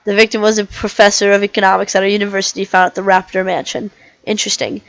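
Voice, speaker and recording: A woman's voice: mid-range voice, flat delivery, quick pace, gravelly, dry recording, close to an everyday voice, poor audio. A woman voicing a weary, cynical male herbivore dinosaur detective, reading a visual novel aloud in first person with small restarts. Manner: plain first-person narration, restarts over misread words.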